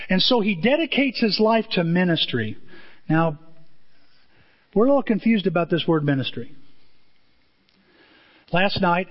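A male pastor preaching an animated sermon, acting out scenes in different voices. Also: sits high. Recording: dull recording in a large reverberant hall.

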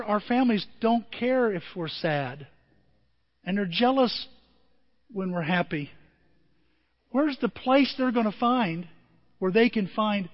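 An older man preaching a sermon as the pastor, telling stories and acting out what people said. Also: high-pitched. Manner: animated storytelling with acted-out quotes. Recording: dull audio in a long-reverb hall.

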